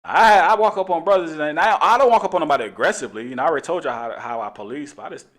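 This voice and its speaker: A man's voice: a little high, racing, a bit bright. A middle-aged man, a police officer hosting a talk show, telling a casual story in a laid-back way and laughing often.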